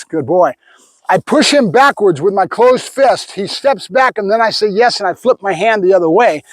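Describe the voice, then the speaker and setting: A man with a fairly high voice talks through a dog training session on an outdoor field, explaining his method in plain, casual terms. He keeps stopping to give the dog short commands and quick praise. The sound is dry and close, with no room echo.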